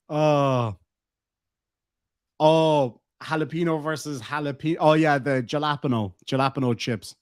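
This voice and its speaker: A man's voice: on the high side, a little slow, smooth, no echo, clean studio sound. An Irish man casually chatting to his live-stream audience, laughing often and swearing freely. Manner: profane, laughing, quoting lines.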